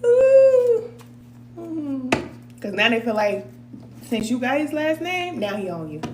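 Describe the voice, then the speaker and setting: A woman's voice: a little high, very animated, unhurried, echoey room, heavy background noise. Laughing, chatty woman on a live stream. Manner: chatty, laughing often, reads viewer comments aloud. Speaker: spiritual advisor reading cards for a live chat. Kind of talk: casual live-stream chat.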